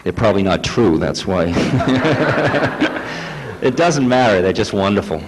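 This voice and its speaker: A man's voice: fairly low pitch, big pitch swings, unhurried, crowd noise, rough recording. A man in his fifties, a spiritual teacher telling stories and reading aloud to a live audience, wry and self-mocking. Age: 50s. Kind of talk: storytelling lecture. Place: lecture hall before an audience.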